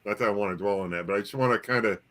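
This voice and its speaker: A man co-hosting a casual chat, joking with his friend in a halting way. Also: fairly low pitch, a bit bright. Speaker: co-host.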